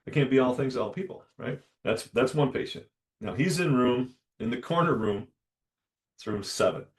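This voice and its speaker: A man, a dentist hosting a podcast, telling a story alone and acting out the dialogue with lively shifts of voice. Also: medium pitch. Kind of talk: solo storytelling monologue.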